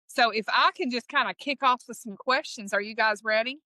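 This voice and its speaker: A woman's voice: fairly high pitch, brisk, pushed and bright, dry recording, low-quality recording. A woman with an East Texas Southern accent hosting a podcast in a folksy, upbeat way, often restarting her sentences. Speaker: podcast host.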